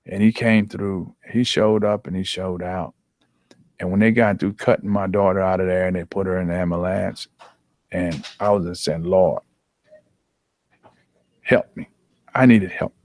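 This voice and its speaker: A man working as an athletic trainer tells a painful personal story in an earnest, halting way, with many restarts. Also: low-pitched, little pitch movement, darkish tone, no room sound, studio quality.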